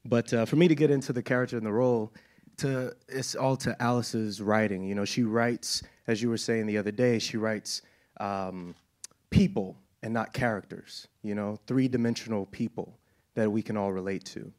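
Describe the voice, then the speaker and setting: A man's voice: on the low side, steady tone, normal speed, a little mellow. An American man answering questions as an actor guest on a panel, enthusiastic and laughing, with plenty of fillers. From United States.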